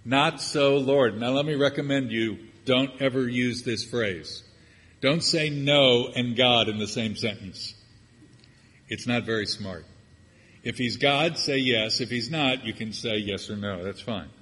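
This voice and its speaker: An older male preacher delivers a sermon in a husky, slightly breathy voice, mixing scripture with humorous, chatty asides. His voice carries a long reverb, as in a large sanctuary. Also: medium pitch, unhurried, fairly bright tone.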